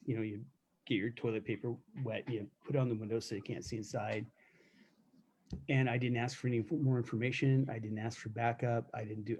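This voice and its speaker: A middle-aged man with a mellow, warm tone tells stories in an easy, casual way. He is candid and wry, swears freely, and often restarts a sentence before he goes on. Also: lowish voice, slight background noise. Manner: candid, profane, wry storytelling with many restarts. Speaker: self-defense instructor recounting corrections work. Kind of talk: casual storytelling on a live chat.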